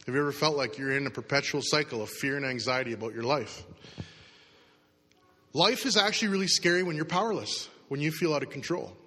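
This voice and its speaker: Bright-voiced man preaching in a reverberant hall. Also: brisk. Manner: conversational, acts out inner voices with rising pitch. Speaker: pastor. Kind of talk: sermon. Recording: long reverb of a large hall.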